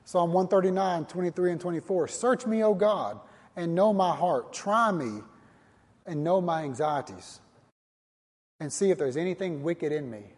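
A man's voice: high voice, animated, normal speed, a little mellow, breathy edge, in a large hall. A man preaching a sermon as a pastor, earnest and repetitive, challenging his listeners directly.

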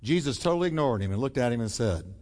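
A man's voice: mid-range voice, animated, fast talker, a little mellow, in a large hall. A man preaching a sermon as pastor, emphatic and acting out the voices he quotes.

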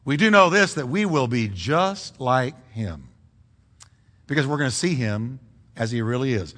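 A middle-aged man preaches a sermon with a lively, swooping delivery and a bright, forceful tone. He keeps putting questions to his congregation. His voice rings through a church hall with a long echo. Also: medium pitch, unhurried. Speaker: pastor. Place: church sanctuary.

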